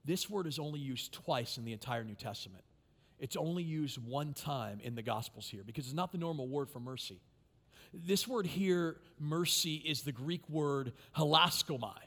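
Man, pastor, sermon, high voice, hushed to impassioned delivery. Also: animated, normal speed. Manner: swings from hushed and intimate to loud and impassioned.

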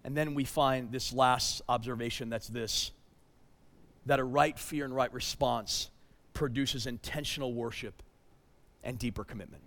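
A man preaching a sermon as pastor, emphatic, swinging between loud urgency and hushed tones, sometimes repeating words as he restarts. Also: mid-range voice, unhurried, in a large hall.

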